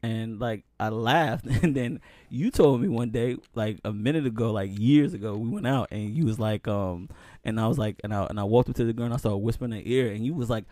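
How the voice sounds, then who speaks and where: A man's voice: mid-range voice, a little fast, warm tone, no room sound, clean studio sound. A young man telling stories on a casual podcast, often saying "man, listen" as he gets going. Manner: storytelling, repeats "man, listen" and "you know what's so crazy". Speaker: podcast co-host. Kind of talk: casual chat.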